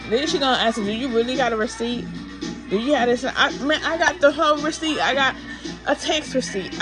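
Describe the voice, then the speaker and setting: A woman vlogging a frustrated, rambling rant while drowsy from pain pills. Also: a little high. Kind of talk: casual ranting to camera.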